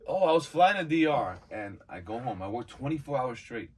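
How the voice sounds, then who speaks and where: Fast-talking man. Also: mid-range voice, husky, recorded from a distance. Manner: animated, profane, acts out quoted voices. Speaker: podcast co-host. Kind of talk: casual storytelling chat.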